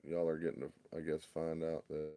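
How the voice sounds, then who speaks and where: A man with a drawl and a very deep, low voice, talking casually on a livestream. He mutters and sounds exasperated, picked up by a phone in his home workshop. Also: completely flat delivery, brisk, mellow, no echo. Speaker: RC hobby livestream host.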